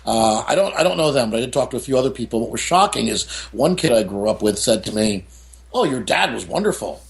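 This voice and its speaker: Gravelly animated man telling stories. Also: mid-range voice, fast talker. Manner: animated, many "you know" and "I mean" asides. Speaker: author interviewed as guest. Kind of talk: candid storytelling in an interview.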